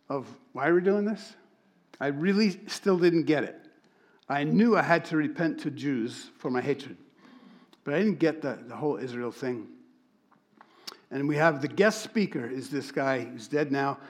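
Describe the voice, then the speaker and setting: A man preaching to a congregation, telling a story and acting out the dialogue with lively, animated delivery. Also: on the high side, normal speed. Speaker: church speaker.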